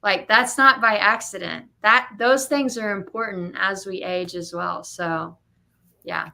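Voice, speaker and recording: A young woman who owns a gym, chatting casually and telling stories with lively acted-out quotes. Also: medium pitch, unhurried, vocal fry. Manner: animated storyteller, acts out quotes. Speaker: gym owner and coach. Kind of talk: casual podcast chat.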